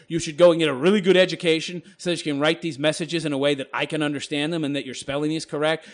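A man reads viewer comments aloud on his own channel and answers them with scorn. His voice sits high and swings widely in pitch. He rambles and laughs as he goes. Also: fairly bright tone. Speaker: channel host responding to comments. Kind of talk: mocking commentary monologue.

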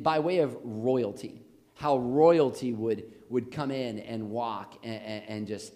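A man with an American accent, a pastor preaching a lively, jokey sermon in a church on a handheld mic. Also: mid-range voice. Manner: animated, jokey, rising to shouts on quotes. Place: church sanctuary. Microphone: handheld microphone, later switched off.

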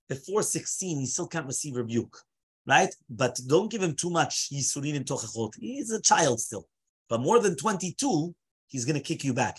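A man's voice: on the high side, a bit bright, husky. A man teaching a Torah class as a rabbi, mixing Hebrew phrases into English and asking rhetorical questions.

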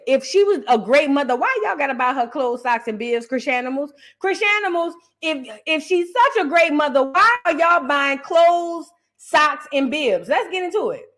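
A woman with a high voice hosts a reaction show. She talks in a loose, brash way, mocking and swearing freely as she reacts. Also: expressive, normal speed, a bit bright. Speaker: host. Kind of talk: casual reaction commentary.

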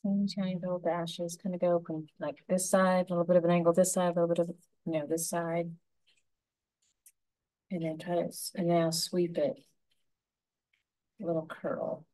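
Low, mellow-voiced woman teaching painting. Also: level tone, rough recording. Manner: gentle, unhurried, talking through each brushstroke. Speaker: painting instructor. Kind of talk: step-by-step painting tutorial.

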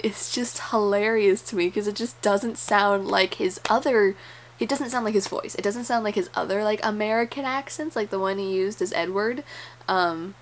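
A woman giving casual, excitable reaction commentary on a movie, gasping and chatting with plenty of fillers. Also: mid-range voice, slight background noise.

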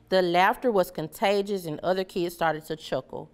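A woman reading a children's story aloud in a clear, measured way. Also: fairly low pitch, a little mellow. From Memphis area, USA. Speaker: storybook reader.

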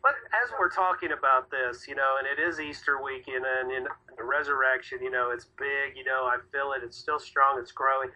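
A man's voice: medium pitch, steady tone, a little fast, few pauses, bright, forceful tone, rough recording. A man hosting a casual talk radio chat, rambling and laughing often. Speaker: radio show host.

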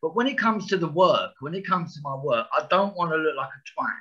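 A frank man in his sixties, talking with a tense, forceful edge in a slightly high voice. He speaks bluntly, swears freely and trips into restarts, and the audio sounds dull and lo-fi. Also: animated, fairly quick. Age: 60s. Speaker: actor guest. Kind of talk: candid podcast interview.

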